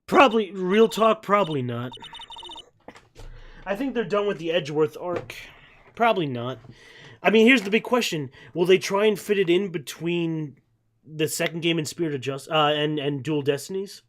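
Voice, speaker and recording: A man's voice: a little high, moderate pace, fairly bright tone. A man streaming a game and chatting casually with viewers, rambling and often repeating words. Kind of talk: casual let's-play chat. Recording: game music behind.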